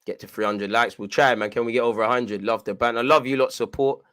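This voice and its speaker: A young man giving live fan commentary on a football match, shouting at the referee and players and urging his team on. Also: mid-range voice, steady tone, fast talker, smooth. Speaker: football watchalong host.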